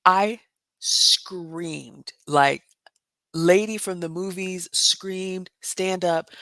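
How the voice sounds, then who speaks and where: A middle-aged woman from the American South with a Southern accent, telling a story to her vlog viewers in a chatty, animated way. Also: on the low side, takes it slowly, gravelly, no echo. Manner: chatty and animated, addresses viewers as "y'all", laughs often. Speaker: vlogger.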